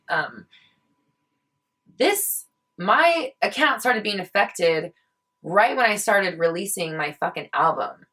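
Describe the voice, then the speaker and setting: Young woman vlogger, fired-up rant, curses freely, slightly low voice. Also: a bit bright. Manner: heated, swears a lot, ranting. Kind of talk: casual opinion vlog.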